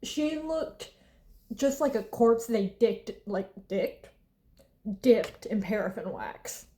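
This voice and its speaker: A woman's voice: mid-range voice, dark tone. A woman of twenty-one, chatting casually and bluntly, swearing freely and breaking into laughs and sighs. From Southern United States. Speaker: vlogger. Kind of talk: casual chat while eating.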